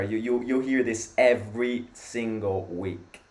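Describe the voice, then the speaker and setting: A young Italian man hosting a live football watchalong, chatting with viewers and reacting loudly to the play. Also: on the low side, takes it slowly, hardly any pauses. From Italy. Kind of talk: live match watchalong commentary.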